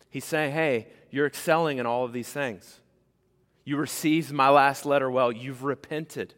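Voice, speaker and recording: A man preaching a sermon to his church, animated and conversational, acting out the voices he quotes. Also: medium pitch, moderate pace, big-room sound. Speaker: pastor. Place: church sanctuary.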